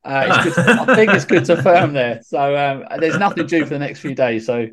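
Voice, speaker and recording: A man's voice: fairly high pitch, lively intonation, moderate pace, crowd noise. Easygoing man giving racing tips. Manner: easygoing, hesitant with fillers. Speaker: podcast tipster. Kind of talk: casual chat.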